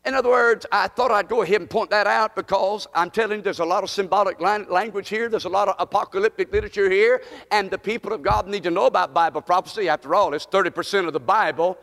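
A male pastor with a notably high, fairly bright voice preaches a sermon at a quick pace with few pauses. He leads the congregation in call-and-response and builds to emphatic repetition, his words echoing long through a large church hall.

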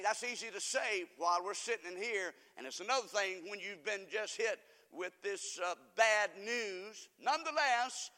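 A man preaching a folksy sermon to his congregation, rambling through stories and swinging from soft asides to loud emphasis. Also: high voice. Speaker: pastor. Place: church sanctuary. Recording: reverberant church hall.

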